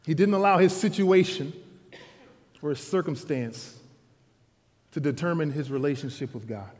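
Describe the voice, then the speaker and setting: A man preaching a sermon to a congregation in a casual, animated storytelling way. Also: fairly high pitch, moderate pace, in a large hall. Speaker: pastor. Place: church sanctuary.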